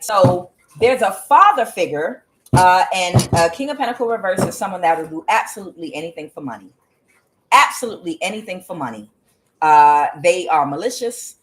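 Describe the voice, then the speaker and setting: A woman's voice: on the low side, slight background noise, low-quality recording. A woman giving a casual tarot reading, talking bluntly with profanity and drifting into rambling asides to her cat. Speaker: tarot reader.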